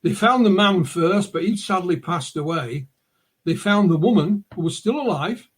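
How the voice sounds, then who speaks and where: A male interview guest with a husky, somewhat breathy voice that sits high for a man. He recounts events step by step in a relaxed, conversational way, dropping in fillers as he goes. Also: normal speed. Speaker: guest, UFO author. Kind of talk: casual interview storytelling.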